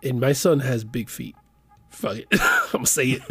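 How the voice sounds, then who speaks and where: With a husky, mid-range voice and some vocal fry, a man in his thirties from around Miami speaks at a moderate pace in a dry setting with no room sound. He's an animated, foul-mouthed storyteller, chatting casually and voicing the characters in his tale.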